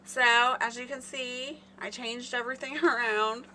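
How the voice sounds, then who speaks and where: A woman's voice: a little high, fairly even intonation, normal speed, pushed and bright, a little hiss or hum. A woman hosting a casual live stream, rambling and chatting with her viewers by name. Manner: chatty, rambling, talks to chat readers by name.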